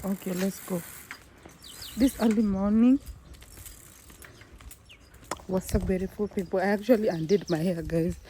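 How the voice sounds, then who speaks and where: A woman's voice: medium pitch, fairly even intonation, a little slow, pauses often. A woman chatting casually to her viewers in a home vlog, often calling them "guys.". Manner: chatty, keeps saying "guys". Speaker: vlogger. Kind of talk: casual vlog chat to camera. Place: home with building work nearby. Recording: noisy home phone recording.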